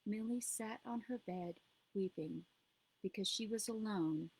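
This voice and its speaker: A woman's voice: medium pitch, unhurried, a little mellow, slightly rough, poor audio. Woman reading a storybook aloud. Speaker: narrator reading her own book. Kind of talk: audiobook reading.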